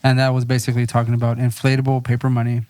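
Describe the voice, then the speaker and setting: A man's voice: mid-range voice, completely flat delivery, rapid-fire, darkish tone, in a large hall. A man on a podcast who chats casually and hesitantly, restarting his sentences and using fillers. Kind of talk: casual chat.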